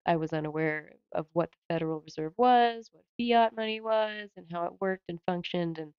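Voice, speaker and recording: A woman with a lowish, smooth voice, chatting casually as co-host of a live stream. She sounds playful and self-aware. The audio is dry and a little dull. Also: normal speed, no echo. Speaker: livestream co-host.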